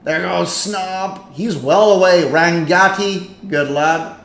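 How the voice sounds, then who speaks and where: A man hosting a live stream in casual commentary, chatty and excitable as he reacts to a game. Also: high-pitched, slow pace. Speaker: livestream host. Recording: echoey room with faint noise.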